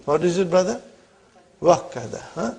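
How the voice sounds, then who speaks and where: A man's voice: high voice, lively intonation, moderate pace, a little mellow, slight background noise. A man teaching an Arabic grammar lesson. He explains step by step, repeats his questions and often checks "are you with me?".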